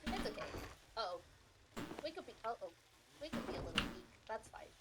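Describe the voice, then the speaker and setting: A woman with a higher, lively voice that swings up and down chats while gaming. Clear noise and clicking sit under her voice. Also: a little fast. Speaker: streamer. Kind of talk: casual gaming chat. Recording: noisy line with clicks.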